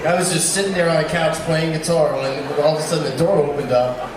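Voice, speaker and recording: Man, slightly high, laid-back amused storyteller; distant echoey recording. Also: quick pace, a crowd in the background. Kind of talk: telling an anecdote.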